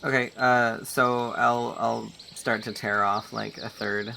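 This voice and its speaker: Man, player in a tabletop game, gravelly low voice, bright edge, hesitant casual speech. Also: flat delivery, slow, a little hiss or hum. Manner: hesitant, laughs easily, speaks in character in first person. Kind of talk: casual tabletop role-play.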